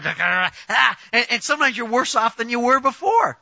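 A man delivers a sermon in a high voice with a sharp, bright edge. He talks to the congregation conversationally but with emphasis, pressing rhetorical questions. The recording is dry and a touch dull. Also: animated, normal speed, creaky, dry recording. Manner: conversational, personal examples. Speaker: preacher.

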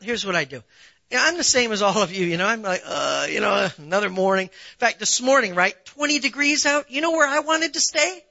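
A man's voice: extremely high pitch, pushed and bright, no echo, highs cut off. A man preaching a sermon in a conversational way, asking rhetorical questions and building emphasis. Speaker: pastor.

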